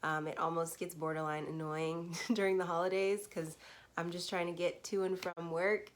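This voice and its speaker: A woman in her twenties chatting casually on camera as she tells a true story, with frequent laughs and lots of fillers. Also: on the low side. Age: 20s. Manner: chatty, laughs often, many "like"s. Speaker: vlogger.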